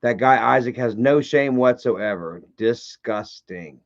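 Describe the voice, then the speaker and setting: A man hosts a livestream, rambling through his points with lots of "uh" and "you know" and throwing in sarcastic, profane jabs. His voice sits at an ordinary middle pitch. The audio is slightly muffled and lo-fi. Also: moderate pace. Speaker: livestream host. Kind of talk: casual live-stream commentary.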